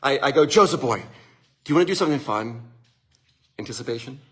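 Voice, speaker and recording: A middle-aged man hosting a casual motivational talk, an animated storyteller who acts out family conversations. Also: mid-range voice, fast. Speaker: host.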